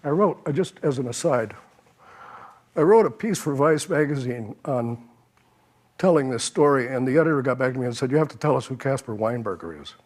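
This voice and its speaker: A man's voice: mid-range voice, darkish tone. An older man speaking on a policy panel, telling anecdotes and acting out the people he quotes. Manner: anecdotal, quotes others, chuckles at his own stories.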